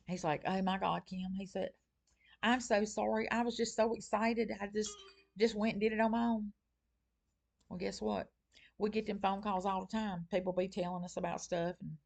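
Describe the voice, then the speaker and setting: A woman's voice: fairly low pitch, fairly bright tone. A woman with a Southern US accent, a real estate agent telling a story in a casual vlog and acting out both sides of a phone call. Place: home with her dogs.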